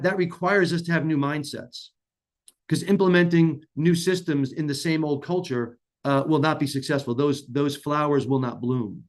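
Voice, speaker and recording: A man giving an earnest, emphatic conference talk to business leaders, often restarting his phrases. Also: mid-range voice. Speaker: conference speaker.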